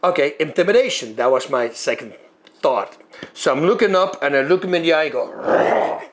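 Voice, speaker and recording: A former fighter telling a long story in a lively way, acting out moves and sounds as he goes. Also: on the high side, brisk. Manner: animated, acts out moves and sounds. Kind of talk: storytelling monologue.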